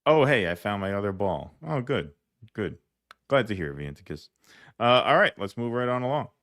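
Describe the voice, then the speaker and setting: Low-pitched New guy, sardonic livestream co-host, dry close sound. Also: sing-song, moderate pace, fairly bright tone, no room sound. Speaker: co-host reading viewer comments. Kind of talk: casual livestream chat.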